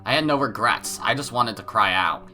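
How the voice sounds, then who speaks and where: A man's voice: mid-range voice, expressive, moderate pace, sharp tone, soft background music. A man with a cold, hosting a let's play, reading game narration aloud with casual joking asides. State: has a cold.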